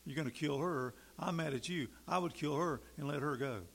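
A man preaching a sermon, emphatic, rising loud and high for key points and dropping to quiet asides. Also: brisk, creaky, a little hiss or hum.

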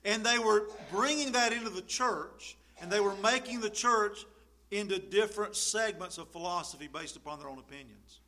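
Guy preaching a sermon, bright slightly high voice, acts out little scenes. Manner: animated preaching, acts out quoted people. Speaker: pastor.

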